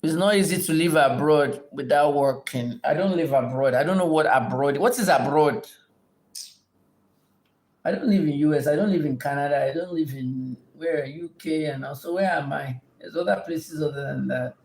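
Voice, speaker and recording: In a low-pitched, slightly mellow voice at a moderate pace, a middle-aged Nigerian livestream host answers viewers. She scolds them in a combative, profane manner throughout the rant and Q&A.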